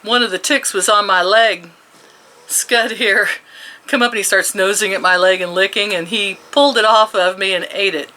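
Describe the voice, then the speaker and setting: A woman's voice: medium pitch, steady tone, moderate pace, sharp tone, poor audio. A woman in her sixties chatting casually at home, rambling and chuckling often. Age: 60s. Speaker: vlogger. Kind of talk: casual chat.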